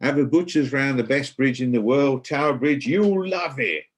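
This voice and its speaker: A man's voice: medium pitch, moderate pace, slightly rough, voice pushed up, natural voice. A man voicing a cheery working-class Londoner in an exaggerated Cockney accent.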